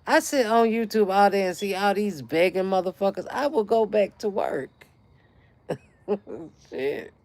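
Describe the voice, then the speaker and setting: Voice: mid-range voice, unhurried, no echo. Profane middle-aged storyteller, dry sound. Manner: profane, heated storytelling rant. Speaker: channel host. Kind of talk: casual livestream chat.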